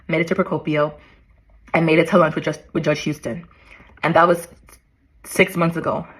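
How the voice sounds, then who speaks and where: A woman's voice: low-pitched, fairly bright tone, low-quality recording. A young woman in her twenties vlogging as she reads an old letter to herself aloud, emotional, swearing and laughing in disbelief.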